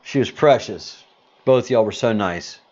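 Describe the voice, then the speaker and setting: A man's voice: on the low side, unhurried, a little mellow, dull audio. A man hosting a casual livestream, greeting viewers and answering chat comments in a rambling, hesitant way with lots of fillers. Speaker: livestream host.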